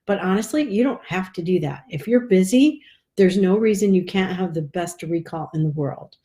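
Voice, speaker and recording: A woman's voice: lowish voice, animated, normal speed, dark tone. A woman dog trainer giving casual live advice in a chatty, rambling way with frequent fillers. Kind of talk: casual live video tip.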